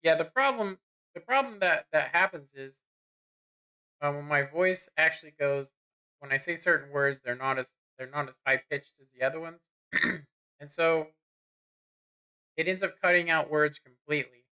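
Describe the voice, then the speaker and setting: A man streaming a tank game, rambling casually and clearing his throat as he fiddles with his microphone. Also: fairly high pitch, moderate pace, long pauses, pushed and bright. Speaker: gaming streamer. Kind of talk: casual live-stream commentary. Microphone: desk microphone.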